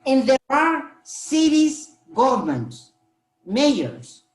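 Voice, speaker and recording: Slow, earnest woman panelist. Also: high voice, big pitch swings, reverberant. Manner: slow, earnest, halting with restarts. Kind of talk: panel discussion answer.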